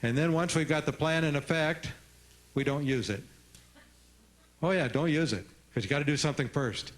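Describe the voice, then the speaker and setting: A man speaking at a live parenting seminar, lively and teasing, coaxing answers from his audience. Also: fairly high pitch, moderate pace.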